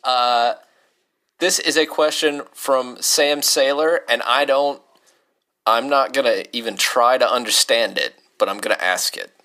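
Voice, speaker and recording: A man's voice: mid-range voice, measured pace, bright, forceful tone. A man co-hosting a casual podcast, joking around and reading listener questions aloud. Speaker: podcast co-host. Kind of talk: casual chat.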